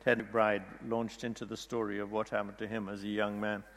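Gravelly man telling a story in an echoey hall. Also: fairly low pitch, completely flat delivery, a little fast, a bit bright. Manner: rambling storyteller with frequent restarts. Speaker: speaker retelling a story from a book. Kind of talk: storytelling talk.

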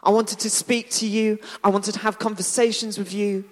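Calm gentle teacher, read by a man, soft and patient, in a reverberant hall. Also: high voice, normal speed, natural voice. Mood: tender. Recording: echoey hall.

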